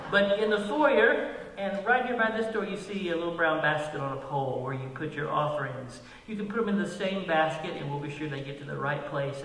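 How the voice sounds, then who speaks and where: A man's voice: fairly high pitch, a bit bright, distant mic, a little hiss or hum. Man welcoming a church in a roomy hall. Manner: friendly, informal, with fillers and self-corrections. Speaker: worship leader. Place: church sanctuary. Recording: roomy hall reverb from off-mic.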